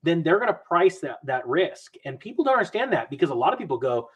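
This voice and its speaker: A man talks markets in a loose, rambling podcast chat and acts out whole exchanges on the fly. His voice is husky and slightly high, and it bounces around with energy. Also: quick pace, few pauses, dull audio. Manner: animated, rambling, acts out quoted people. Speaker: guest investor commentator.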